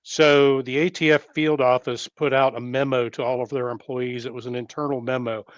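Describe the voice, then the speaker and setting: A man's voice: mid-range voice, flat delivery, moderate pace, smooth, dry recording, lo-fi sound. A man on a casual political podcast, firmly setting the record straight point by point. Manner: firm, corrects claims point by point. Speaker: podcast co-host.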